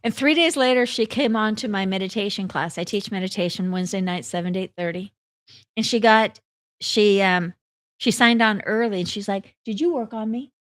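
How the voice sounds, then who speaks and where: A woman's voice: mid-range voice, moderate pace, no room sound, clean studio sound. A woman life coach and hypnotherapist talking casually and candidly, telling stories to her audience. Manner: candid, chatty storyteller.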